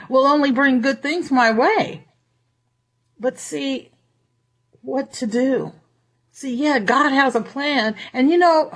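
Brief: high-pitched woman preacher, lively and chatty, laughs through her sermon. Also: husky. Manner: lively, conversational, laughs often.

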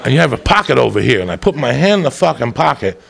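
A man telling a profane stand-up story, rowdy and swinging into loud high-pitched outbursts. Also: big pitch swings, quick pace, gravelly, a crowd in the background. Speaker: comedian. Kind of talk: stand-up storytelling to a live audience.

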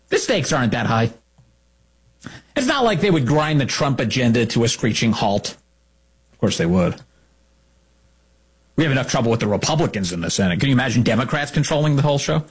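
Husky-voiced, sarcastic male political commentator. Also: medium pitch, sing-song, brisk, pauses often. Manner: sarcastic, indignant, emphatic.

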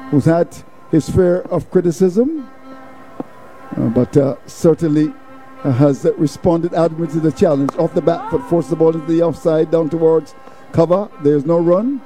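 A man giving ball-by-ball cricket commentary in a steady, folksy way, dropping proverbs between deliveries. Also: fairly high pitch.

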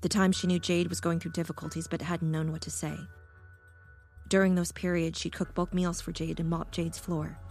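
A woman narrating a short story in a calm, measured, deadpan way. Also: on the low side, soft background music. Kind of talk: audiobook story reading.

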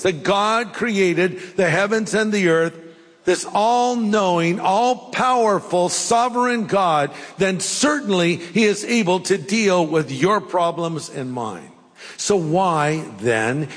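Older male preacher in a big hall. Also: high voice. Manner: folksy, jokey storytelling with pauses. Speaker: pastor. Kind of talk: sermon. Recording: long hall reverb.

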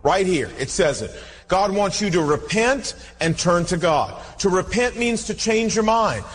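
A preacher with a high voice delivers an animated sermon, acting out the people in his stories. His voice rings with the long reverb of a large church hall. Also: a little slow, a little hiss or hum. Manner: animated storytelling, acts out dialogue. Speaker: pastor.

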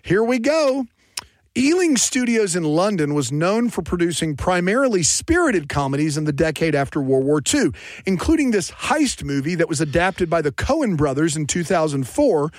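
A man's voice: fairly high pitch, sing-song, moderate pace, no room sound. A man hosting a trivia game, reading questions and adding chatty, upbeat asides. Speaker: quiz host.

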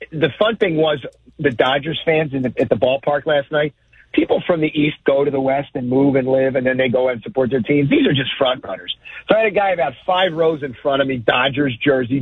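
Blunt, animated male sports guest on a phone line, slightly husky. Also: medium pitch, no echo. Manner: blunt, animated, mocking impressions. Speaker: guest commentator. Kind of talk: sports talk.

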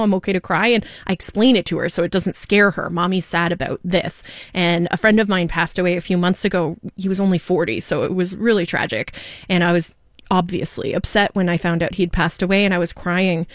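A woman's voice: on the low side, fairly quick, no room sound, clean studio sound. Chatty woman radio host. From Montreal, Canada. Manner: chatty storyteller. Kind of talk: casual morning radio chat.

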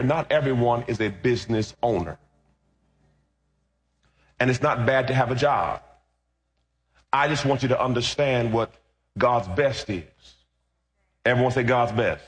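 A man's voice: medium pitch, moderate pace, long pauses. A man preaching a sermon as pastor, telling a humorous personal testimony and calling out to the congregation. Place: church sanctuary. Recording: echoey hall with loud music.

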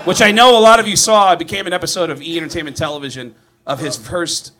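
Bright, laughing male comedian storyteller. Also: a little high, fast. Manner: animated, laughing through his words, profane.

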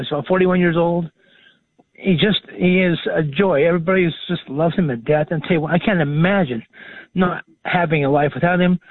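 A man's voice: fairly high pitch, dry recording. Choked-up older man on a tinny phone line. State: emotional, choked up. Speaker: caller. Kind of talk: call-in talk radio.

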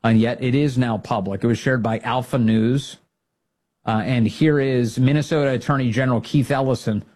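Male talk host, husky tone, punchy opinion delivery. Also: mid-range voice, steady tone, normal speed, darkish tone. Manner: emphatic, rallying, repeats phrases for punch. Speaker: political talk show host. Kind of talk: opinionated commentary.

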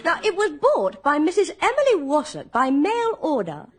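A woman's voice: high voice, huge pitch swings, moderate pace. A woman presenting a comic TV segment, delivering her script playfully with laughter. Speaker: TV show presenter.

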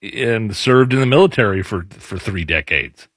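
A man with a low, husky voice that moves lively up and down. He chats casually and reacts off the other host, in a dry close recording. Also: moderate pace, dry recording. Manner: chatty, reactive. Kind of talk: casual commentary.

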